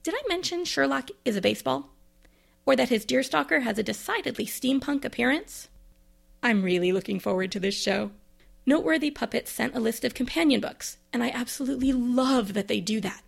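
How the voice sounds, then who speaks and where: A woman's voice: a little high, lively intonation, fairly quick, creaky. A woman, a librarian, chatting casually about books she received, with bookish asides and enthusiasm. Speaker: librarian and podcast host. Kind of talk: casual book review monologue.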